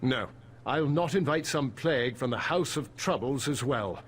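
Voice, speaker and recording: A man's voice: medium pitch, lively intonation, normal speed, close to an everyday voice. An actor playing a worried male farmer, a former financier and weary husband, polite and anxious. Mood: put-upon. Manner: polite, anxious, put-upon. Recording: game audio with soft music behind.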